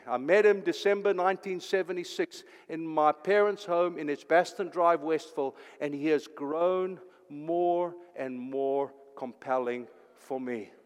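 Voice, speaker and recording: Older man, preaching, high-pitched, urgent then hushed, reverberant church hall. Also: a little slow. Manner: impassioned, swings from loud urgent declaring to hushed near-whispers. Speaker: pastor. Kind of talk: sermon.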